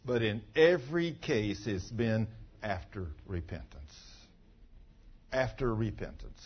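A man's voice: mid-range voice, breathy edge. A man preaching a sermon, emphatic and full of rhetorical questions, often acting out remembered conversations. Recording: dull lo-fi sermon recording.

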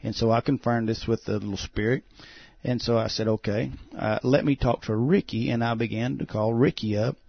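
A pastor telling a testimony as a guest on a talk show, halting and full of "uh" fillers. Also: male voice, mid-range voice, fairly even intonation, vocal fry, no echo. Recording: dull, muffled sound.

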